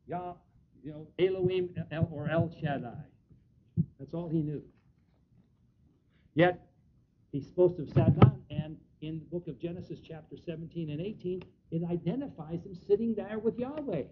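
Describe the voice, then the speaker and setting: A man preaching a Bible teaching sermon. He reads scripture slowly, leans on key words and often restarts his sentences. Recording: dull lo-fi recording with faint rumble.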